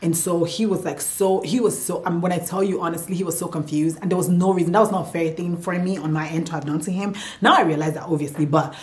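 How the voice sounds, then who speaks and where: A woman's voice: on the low side, steady tone, fast talker, hardly any pauses, a little mellow. A young woman telling a candid, emotional personal story in a casual vlog, swearing now and then. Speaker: vlogger.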